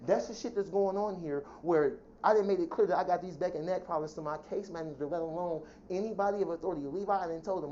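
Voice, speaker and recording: A woman venting in a heated, profane personal rant, talking fast and indignantly about how she has been treated. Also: on the low side, darkish tone, slight background noise. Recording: dull lo-fi sound.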